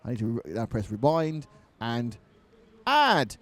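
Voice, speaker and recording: A man's voice: medium pitch, moderate pace, dark tone. A man commentating live on a model car race, mixing race calls with jokey banter.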